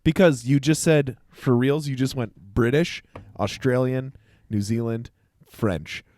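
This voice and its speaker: Male podcast co-host, mid pitch, easygoing explainer, dry close sound. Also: steady tone, unhurried, warm tone, no echo. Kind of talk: casual chat.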